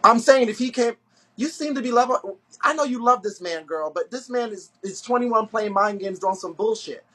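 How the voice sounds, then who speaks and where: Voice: medium pitch, animated, moderate pace, bright, forceful tone. A host on a live stream asking casual questions and pressing by repeating them.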